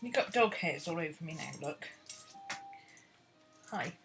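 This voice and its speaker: A woman's voice: low voice, lively intonation, unhurried, vocal fry, over music. A woman chatting casually at home and cooing baby talk to her dog. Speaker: art vlogger. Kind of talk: casual chat.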